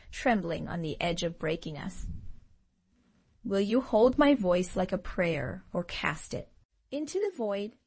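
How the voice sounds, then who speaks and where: A woman reading a scripted channeled love message as a tarot reader, in a slow, dramatic, emotive way. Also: mid-range voice, gravelly, slightly rough, no room sound.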